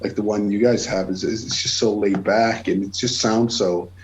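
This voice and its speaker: A man's voice: lowish voice, moderate pace, highs cut off, slight background noise. A Swedish man speaking English with a Swedish accent, a guest chatting on a podcast, telling stories with plenty of swearing and restarts. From Sweden. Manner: swears freely, many restarts, animated storytelling. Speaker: guest musician. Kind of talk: casual podcast chat.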